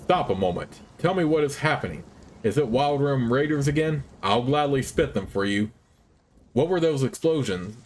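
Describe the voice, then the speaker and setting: An urgent adventurer hero in a fantasy game, read aloud by a man. His lines come out plain and direct, in an everyday middle-pitched voice. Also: expressive, normal speed, a little mellow, slight background noise, close to an everyday voice.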